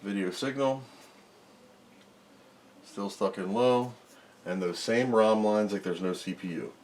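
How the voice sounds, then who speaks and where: A man's voice: on the low side, measured pace, darkish tone. Rambling man at a repair bench. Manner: rambling, self-mocking, mutters while working. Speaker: electronics repair host. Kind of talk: casual workbench narration.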